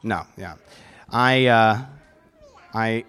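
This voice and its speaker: Slow, smooth, and lowish with a fairly bright tone, this man's voice comes through a handheld microphone as he chats with kids at an event. A visitor from Milwaukee, Wisconsin, he's playful and goofy, with stammering restarts.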